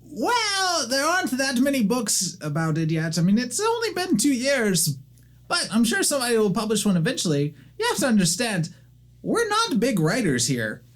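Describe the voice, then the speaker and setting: A man voicing a fidgety, nervous young male gnome librarian who talks in high, rushed chatter during a tabletop game. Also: wildly swooping pitch, full character voice. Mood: chatty.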